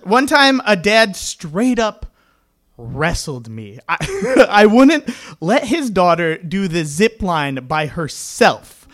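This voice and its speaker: A young man with a tenor voice performing a stand-up comedy set, telling stories deadpan and laughing at his own jokes. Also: high-pitched, slow.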